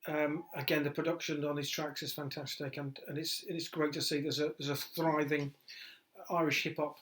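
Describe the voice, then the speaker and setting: A man's voice: a little high, flat delivery, moderate pace, a bit bright. A man co-hosting a live online show in a casual way, enthusiastic and full of superlatives. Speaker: co-host.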